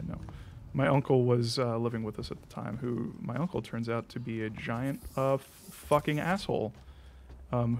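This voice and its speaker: A man's voice: mid-range voice, a little hiss or hum. A young man streaming a game, chatting in a rambling way, swearing freely and laughing often. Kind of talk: casual chat while playing.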